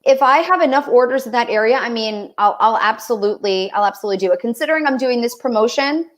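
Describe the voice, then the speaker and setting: A woman with a New York accent chatting on a video call show, quick to laugh and often repeating her words. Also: on the high side, animated. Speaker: guest, restaurant promoter. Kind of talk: casual livestream chat.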